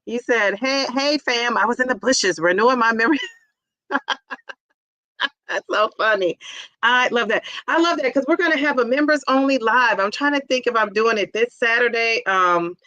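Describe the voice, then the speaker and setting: A woman's voice: fairly high pitch, moderate pace, sharp tone, dry recording, highs cut off. A middle-aged woman hosting a casual livestream, chatty and laughing often as she greets viewers by name. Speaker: livestream host reading chat. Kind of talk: casual live chat.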